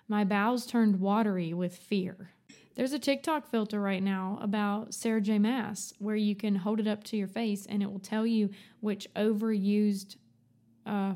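A young woman co-hosting a casual book podcast, joking and giggling through her asides. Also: mid-range voice. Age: young adult. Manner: giggly, jokey, animated asides. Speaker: podcast co-host. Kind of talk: casual book-club chat.

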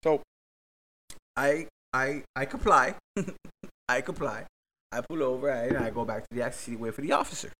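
A young man from hosts a casual podcast. His storytelling is excitable and full of swearing, and he acts out every exchange as he retells it. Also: medium pitch, normal speed, long pauses, slight background noise. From Miami, Florida. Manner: profane, excitable, acts out the dialogue. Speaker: podcast host. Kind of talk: animated storytelling.

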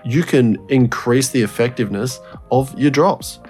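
A man's voice: medium pitch, moderate pace, darkish tone. A man co-hosting a casual podcast, keenly explaining music production details and swearing as he goes. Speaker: podcast co-host. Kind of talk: casual chat.

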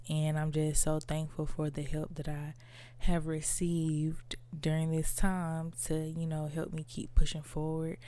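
In a casual personal monologue, a woman hosting a podcast speaks reflectively and openly about her inner life, at times near tears and full of fillers like "like" and "you know". Her voice sits low, mellow, clear, and resonant.

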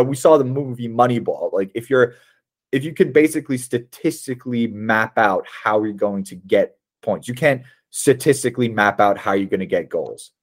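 A man co-hosting a casual football podcast, animated and opinionated, laughing often. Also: on the low side. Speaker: podcast co-host.

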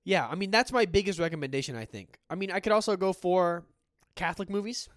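A man's voice: sits high, quick pace, no echo, studio quality. A man co-hosting a horror film podcast, chatting casually and enthusiastically, swearing freely. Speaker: podcast co-host. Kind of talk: casual chat.

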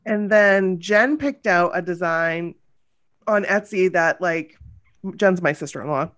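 A woman's voice: fairly low pitch, a little slow, fairly bright tone. A woman co-hosting a podcast in easy casual chat, still getting over a cough. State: lingering cough. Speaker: podcast co-host.

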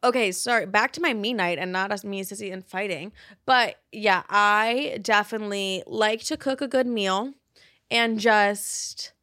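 A woman's voice: medium pitch, a little slow, sharp tone, dry recording, clean studio sound. A young woman in her twenties hosting a podcast, chatting casually and swearing freely, with lots of likes and some laughter. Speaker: podcast host. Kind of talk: casual chat. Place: apartment in a big US city.

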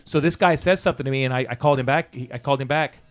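A man's voice: mid-range voice, racing, soft background music. A man telling a profanity-laced story about an old job in casual conversation, acting out the dialogue. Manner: profane, animated anecdote-telling with quoted dialogue.

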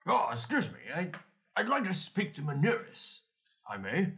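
A man's voice: fairly high pitch, expressive, measured pace, noisy background. A man doing a fussy, polite adventurer. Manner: formal, hesitant, stumbles on words. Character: overly polite male adventurer, fussy and formal.

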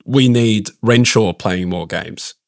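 Man, podcast co-host, opinionated ranter, lowish voice, dry close sound. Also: slow, vocal fry, no room sound. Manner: opinionated, ranting. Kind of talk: casual cricket podcast chat.

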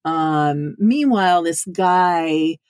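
A woman's voice: lowish voice, drawn-out words, darkish tone, clean tone, no echo, studio quality. A woman telling a casual anecdote in a chatty way, often adding "right?" and "you know". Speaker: storyteller.

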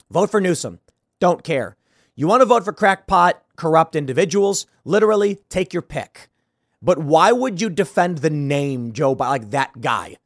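A man's voice: fairly high pitch, a bit bright, no room sound, studio quality. A man hosting a solo political commentary show, sarcastic and combative, firing off rhetorical questions.

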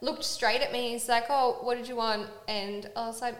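Aussie girl podcaster, fairly high voice, swears and laughs a lot, roomy echo. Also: moderate pace. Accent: Australian. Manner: animated storytelling, swearing, laughing often. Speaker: podcast co-host. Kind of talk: casual chat. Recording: echoey room.

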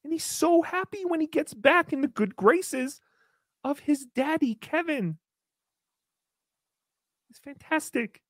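A woman's voice: high voice, lively intonation, slow, long pauses, no room sound, clean studio sound. A woman hosting a podcast, giving sarcastic, theatrical commentary on a comedy roast. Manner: sarcastic, theatrical, slips into mocking voices. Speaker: podcast host.

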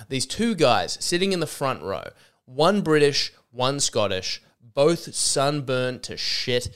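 A man's voice: medium pitch, very animated, takes it slowly, fairly bright tone, clean tone. A man, feeling a little sick, telling a rambling, sweary comedy story as a podcast host. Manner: rambling, self-interrupting, sweary.

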